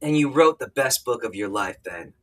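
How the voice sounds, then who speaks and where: A man's voice: mid-range voice, lively intonation, normal speed, fairly bright tone. A man co-hosting a casual podcast, teasing and joking crudely. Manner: crude teasing banter, mocking put-on voices. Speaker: co-host, author.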